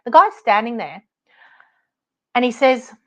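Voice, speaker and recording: A middle-aged Australian woman tells a story on her podcast, exasperated and animated, laughing often between lines. Her voice sits a little high and the audio sounds somewhat dull and lo-fi. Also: unhurried. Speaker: podcast host, property advocate. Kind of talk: casual storytelling monologue.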